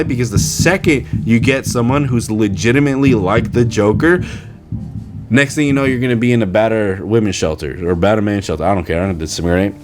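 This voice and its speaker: A man hosting a podcast, ranting in exasperated disbelief and firing off rhetorical questions into a studio mic with a pop filter. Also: medium pitch. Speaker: podcast host. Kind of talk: casual commentary rant.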